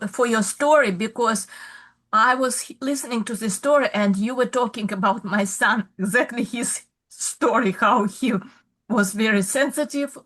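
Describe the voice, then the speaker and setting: A woman's voice: on the high side, fairly bright tone. Hesitant woman on a video call. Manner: hesitant, halting, searching for words. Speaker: grieving mother, audience member.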